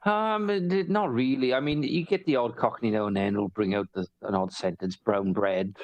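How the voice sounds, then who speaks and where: A man's voice: medium pitch, fairly quick, no echo, muffled recording. A man from Wales with a South Welsh accent, chatting casually on a podcast, rambling and swearing freely. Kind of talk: casual chat.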